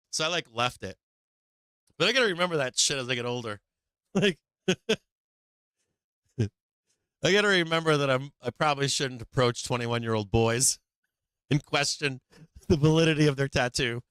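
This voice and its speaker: Bright, crisp-voiced older Boston man. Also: a little high, normal speed, pauses often, no room sound. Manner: rambling, laughs often, heavy swearing and filler "like". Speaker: livestream host. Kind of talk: casual profane storytelling on a livestream.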